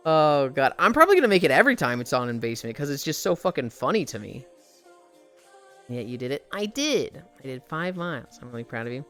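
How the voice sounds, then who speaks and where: Low-voiced woman telling lively stories. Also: brisk, soft background music. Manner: animated, profane storytelling. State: tired and sweaty from walking. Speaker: streamer. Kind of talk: casual chat while walking on a treadmill.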